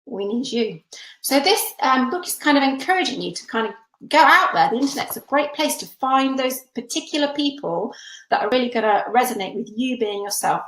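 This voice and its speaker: A woman's voice: fairly high pitch, a bit bright, roomy sound, low-quality recording. A woman giving a webinar workshop over a webcam, chatty and encouraging with frequent fillers. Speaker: workshop presenter. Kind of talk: webinar teaching talk.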